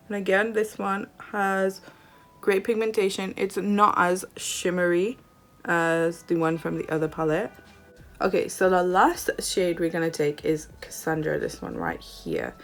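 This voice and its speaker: A woman doing a makeup tutorial, gushing and excitable as she tries eyeshadow shades. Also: fairly low pitch. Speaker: beauty vlogger.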